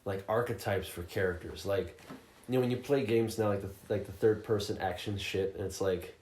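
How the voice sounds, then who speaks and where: A man hosting a casual podcast chat, telling a game's story in a profane, animated way, often slipping into mocking voices. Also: lowish voice, normal speed, slight background noise. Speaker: podcast host reviewing a game. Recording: roomy echoey room.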